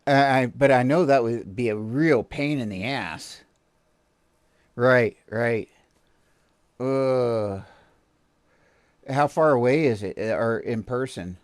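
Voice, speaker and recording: A man's voice: medium pitch, slow pace, long pauses, no room sound, studio quality. A man hosting a video reaction show, talking bluntly and casually, swearing now and then and chuckling often.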